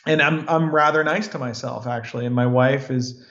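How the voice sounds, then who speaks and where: Calm reflective man, roomy lo-fi sound. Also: medium pitch, normal speed. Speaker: guest. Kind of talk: podcast interview.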